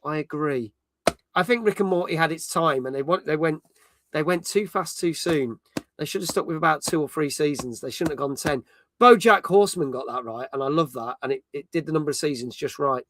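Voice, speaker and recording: A man's voice: fairly high pitch, fairly quick, a bit bright, slight background noise. A middle-aged man hosting a casual gaming chat, reading out viewer comments and swearing freely. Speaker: host.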